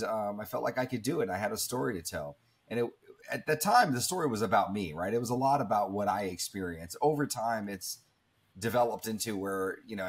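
A man in his thirties with a slightly husky, lowish voice talks candidly in an interview. He tells his story in an earnest, reflective way, often restarting a sentence with "you know" and "listen". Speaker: guest speaker.

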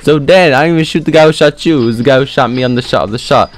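A young man giving slangy, swearing commentary over his own gameplay, with sudden excited yelps. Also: mid-range voice, racing. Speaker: gaming video creator.

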